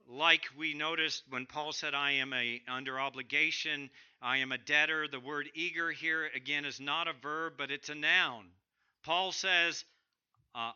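A man preaching a sermon to his church, swinging between loud emphatic bursts and quiet drops. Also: a little high, fairly even intonation, measured pace, smooth, dull audio. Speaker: pastor.

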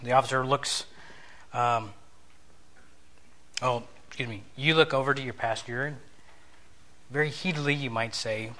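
A man's voice: medium pitch, moderate pace, long pauses, sharp tone. A man giving a conversational sermon lesson, telling a story, acting out bits of dialogue and asking his listeners questions.

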